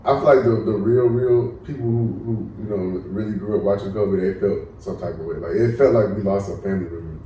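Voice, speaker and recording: A man's voice: fairly low pitch, brisk, hardly any pauses, mellow, recorded from a distance, slight background noise. Laid-back young man, echoey room. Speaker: podcast co-host. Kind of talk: casual chat. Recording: echoey room, voice a bit off-mic.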